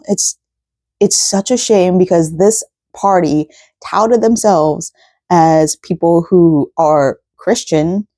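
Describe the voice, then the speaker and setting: Woman vlogging at home, lowish warm voice, rambly, lots of "like", dry close sound. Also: no echo. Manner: rambling, full of "like" fillers. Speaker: craft vlogger. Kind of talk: casual vlog chat. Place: at home at night.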